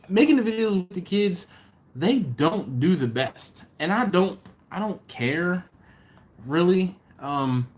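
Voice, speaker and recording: A middle-aged man hosting a barbecue channel, chatting casually on a live stream and reading out viewer comments in a laid-back, slangy way. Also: medium pitch.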